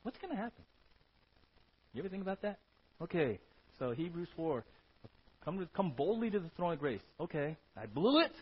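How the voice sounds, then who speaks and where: A male pastor preaching a sermon in an animated way, often checking in with "right?", in a dull lo-fi recording. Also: fairly high pitch, normal speed, pauses often, slightly rough. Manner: animated, keeps asking "right?".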